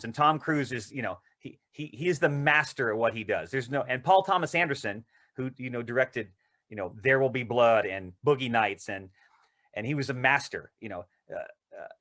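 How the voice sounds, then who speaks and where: A male actor, interviewed as a guest, telling rambling, excited anecdotes in casual conversation. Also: medium pitch, moderate pace.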